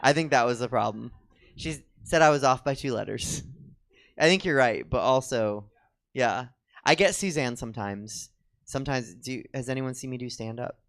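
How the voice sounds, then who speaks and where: A man at mid pitch banters from a comedy theater stage, rambling through stories in a chatty, self-mocking way. He talks loosely with the crowd and keeps slipping into giggles. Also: normal speed, fairly bright tone. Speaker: comedy show co-host. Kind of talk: rambling stand-up style chat with the audience.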